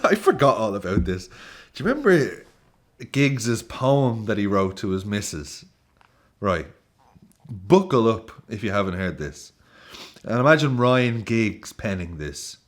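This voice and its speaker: Lively swearing man ranting about football. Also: fairly low pitch. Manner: animated, swearing, laughing often. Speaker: football YouTuber. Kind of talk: casual football commentary.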